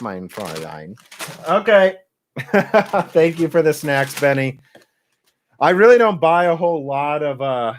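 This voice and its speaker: A young man hosts a live stream and chats in a loose, rambling way, laughing often as he goes. His voice sits in a middle range and comes across dry and close, with no room echo. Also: mid-range voice. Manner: rambling, chatty, quick to laugh. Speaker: tech podcast host. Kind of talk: casual live-stream chat.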